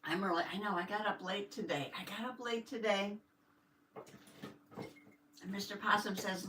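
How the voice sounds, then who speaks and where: A woman's voice: mid-range voice, expressive, a little slow, pauses often, fairly bright tone, slight background noise. An older woman hosting a casual live journaling stream, chatting with viewers and greeting them with a folksy "howdy". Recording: echoey room, mic at a distance.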